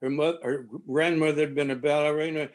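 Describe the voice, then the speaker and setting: A man in his seventies recalling a backstory in halting, rambling fashion over a video call. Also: a little high, flat delivery. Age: 70s. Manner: halting, rambling recollection with many restarts. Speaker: original cast member at a reunion. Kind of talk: reminiscing on a video panel.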